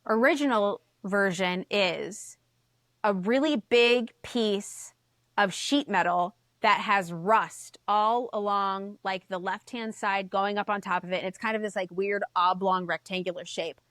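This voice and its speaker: A woman guest on a podcast, telling a story in casual chat, animated, swearing and acting out the voices she quotes. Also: mid-range voice, measured pace, no room sound, studio quality.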